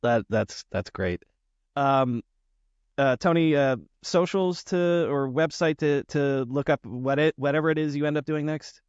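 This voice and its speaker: A man's voice: a little high, darkish tone, clean tone, dry recording, lo-fi sound. Rambling male podcast host, dry sound. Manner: rambling, halting, many fillers. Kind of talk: casual interview chat.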